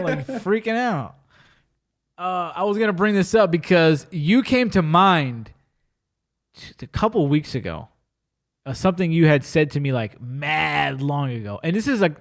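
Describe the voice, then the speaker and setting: A man hosting a relaxed podcast chat, fond of slang and quick to cut himself off and start again. His voice sits a little higher than most men's. He tells anecdotes with lively energy. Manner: animated storyteller with slang and frequent self-interruptions. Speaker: podcast host.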